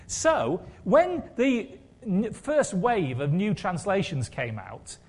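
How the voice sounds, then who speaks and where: A man's voice: sits high, sing-song, slow, darkish tone, breathy edge. A man preaching a sermon in a conversational way, with wry humour and rhetorical questions.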